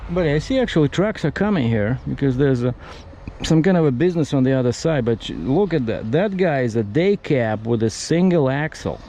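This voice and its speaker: A man's voice: medium pitch, lively intonation, brisk, dark tone, a little hiss or hum, poor audio. A man who drives trucks, chatting casually in a vlog while parked outdoors. He rambles, restarts his sentences and jumps from topic to topic. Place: outdoors at a truck parking area.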